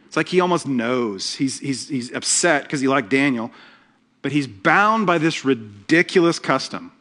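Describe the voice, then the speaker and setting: A man preaching a sermon as pastor, telling the story with humor and lively asides. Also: mid-range voice, moderate pace.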